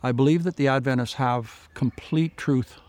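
Recorded dry, this man has a mid-range, darkish voice and a moderate pace. As an interview guest, he earnestly recounts his faith story, replaying old conversations and tagging them again and again with "I said."

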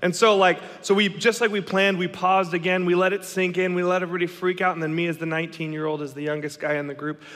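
A man in his thirties tells a story with animated, dramatic energy, acting out each quote. His voice sits a little high and comes across bright and forceful. A long hall reverb trails behind every line. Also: fast talker, hardly any pauses. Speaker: speaker telling a story. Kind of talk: storytelling talk.

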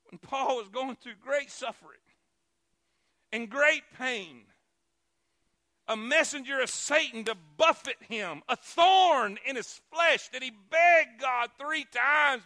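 High-voiced, fervent male preacher. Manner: fervent, repetitive, rising to shouts. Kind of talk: sermon.

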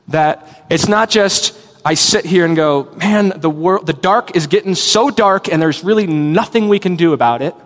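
A male pastor delivers a sermon in an earnest, reflective way, weaving in personal stories. His voice sits at an ordinary middle pitch. A long reverb hangs around him, as in a church sanctuary.

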